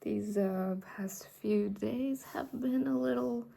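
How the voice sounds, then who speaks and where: A young woman from India, with Hindi as her first language, talks straight to her camera in a loose, rambling vlog. Her voice is husky and breathy, with a gravelly fry at the ends of phrases. She often sinks into a soft half-whisper. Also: a little high, slow pace. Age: young adult. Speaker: vlogger and artist. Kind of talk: casual vlog talk to camera.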